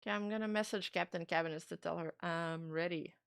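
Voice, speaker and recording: A woman's voice: fairly low pitch, fairly even intonation, quick pace, creaky, clean tone, no room sound, clean studio sound. A young adult woman streamer in casual reaction commentary, chatty, swearing freely and filling her talk with "like.".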